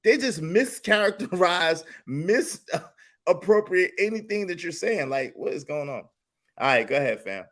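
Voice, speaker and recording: A man hosting a casual panel discussion who jumps in, talks in slang and reads out viewer comments with animated reactions. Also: sits high, measured pace. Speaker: podcast host.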